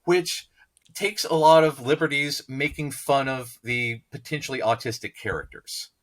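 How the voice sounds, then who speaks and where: Bright-voiced man on a podcast. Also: medium pitch, moderate pace. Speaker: podcast co-host. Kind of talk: casual podcast chat.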